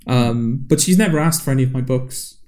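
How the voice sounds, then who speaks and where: A man's voice: mid-range voice, fairly quick, darkish tone. A young man co-hosting a podcast, chatting casually in a hesitant, questioning and wry way. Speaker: podcast co-host. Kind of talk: casual chat.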